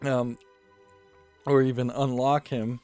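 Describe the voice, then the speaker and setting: A man's voice: medium pitch, level tone, slow pace, darkish tone, soft background music. A man giving casual commentary while playing a card game, rambling and thinking aloud and often correcting himself. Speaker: let's play host.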